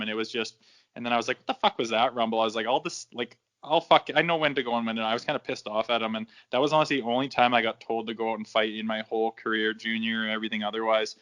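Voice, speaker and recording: Brief: man, 30s, podcast guest spinning foul-mouthed hockey yarns, flat level delivery. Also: mid-range voice, clear, resonant tone, lo-fi sound. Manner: swears freely, acts out quoted dialogue. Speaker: guest, former hockey enforcer. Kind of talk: casual storytelling in a podcast interview.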